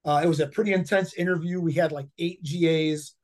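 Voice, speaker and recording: A man's voice: a little high, fairly even intonation, a little fast, darkish tone. A man in his fifties, a head football coach, telling stories in a casual interview, rambling with many fillers and repeated words. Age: 50s.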